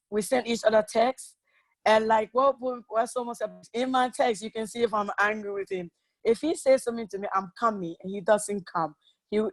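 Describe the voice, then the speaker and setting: A woman's voice: mid-range voice, dry recording. A woman speaking at a relationship seminar, telling her own experiences in a candid storytelling manner and acting out the lines people said to her. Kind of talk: personal testimony talk.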